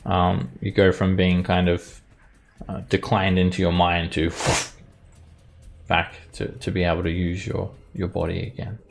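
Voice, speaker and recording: A man narrating a tabletop game as dungeon master, relaxed with many fillers. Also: deep voice, unhurried, creaky, soft background music.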